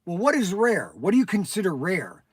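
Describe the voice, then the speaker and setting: A man's voice: sits high, huge pitch swings, moderate pace, slightly rough, no echo. An older man hosting a casual livestream, rambling and chatty as he answers viewers by name. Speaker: toy shop host answering viewers.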